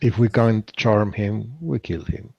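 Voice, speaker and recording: A man asks questions and thinks aloud as a player in a tabletop game. His voice is lowish and gravelly with a lot of fry. The recording is dry and dull, with muffled highs. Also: measured pace, no room sound. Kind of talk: casual tabletop game chat.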